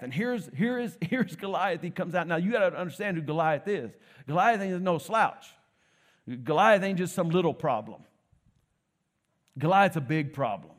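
A man preaching a sermon in a church, retelling a story with jokes and casual asides. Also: fairly high pitch. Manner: lively storytelling, joking asides.

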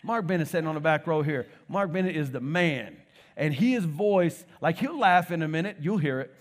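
A man's voice: fairly high pitch, moderate pace. A man preaching a sermon in a church, retelling a story with jokes and casual asides. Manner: lively storytelling, joking asides.

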